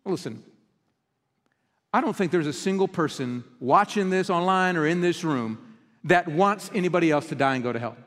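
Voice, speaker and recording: A man preaching a passionate sermon, swinging between emphatic peaks and hushed lines in a church sanctuary. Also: fairly high pitch, expressive, normal speed, in a large hall. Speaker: pastor.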